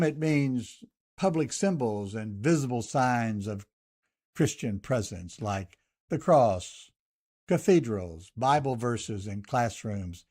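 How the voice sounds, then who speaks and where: An older man with a Southern US accent speaks as a radio host, setting out items one by one in a measured cadence. His voice sits at an ordinary male pitch. He delivers reflective commentary and prayer. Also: warm tone.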